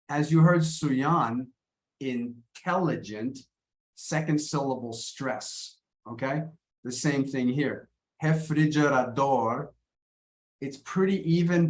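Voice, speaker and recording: A man teaching pronunciation in a live online class, heard over a video call. His pitch sits at an ordinary middle height. He is friendly and often repeats or restarts his words as he explains.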